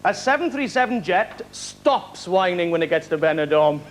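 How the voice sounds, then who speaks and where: A Welsh man doing stand-up comedy on a live talent show, firing off quick one-liners and chuckling at his own jokes. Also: high-pitched, lively intonation, heavy background noise. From Wales. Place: television studio stage before a live audience. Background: studio audience laughter.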